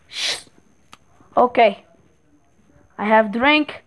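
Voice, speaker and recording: A woman giving excitable commentary while playing a horror game, repeating words in rapid bursts. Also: a little high, over music, rough recording. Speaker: gameplay streamer.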